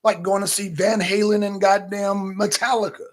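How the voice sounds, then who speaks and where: Male co-host, high husky voice, animated and profane casual commentary. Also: moderate pace. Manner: animated, profane, chatting directly to viewers. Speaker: political talk show co-host.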